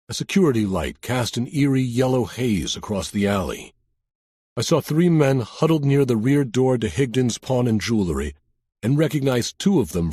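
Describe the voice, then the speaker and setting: A man's voice: medium pitch, a little mellow, breathy edge, dry recording. A man narrating a crime audiobook in the first person, with a dry, wry storytelling manner.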